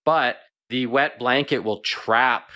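A man's voice: mid-range voice, slow pace, bright, forceful tone. A man speaking as a veterinarian guest on a radio show, explaining plainly and often repeating words as he thinks.

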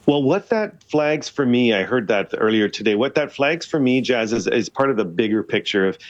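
A man who sits on a city council speaks as a guest on a radio show. He argues forcefully and repeats words for stress. The sound is dry and a bit dull, as if it comes over a remote line. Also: mid-range voice, animated, normal speed, dry recording. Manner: emphatic, argumentative, repeats for stress. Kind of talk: radio interview by phone.

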